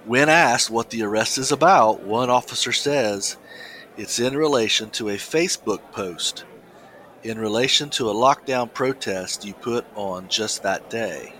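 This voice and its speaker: On a low-quality recording, a man with a fairly bright, medium-pitched voice co-hosts a laid-back talk show. His delivery is halting and full of restarts and fillers as he reads out a news story, interrupted by coughing from something in his windpipe.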